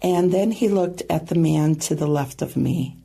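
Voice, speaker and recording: A woman guest earnestly recounting a personal testimony, with halting pauses and soft asides. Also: low-pitched, gravelly, slightly rough. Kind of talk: personal storytelling.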